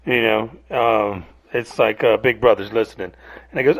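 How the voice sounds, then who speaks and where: A man's voice: fairly low pitch, fairly even intonation, normal speed, vocal fry, dry recording. A man hosting a casual morning rant show, rambling and profane. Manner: rambling, profane, self-mocking. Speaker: podcast host.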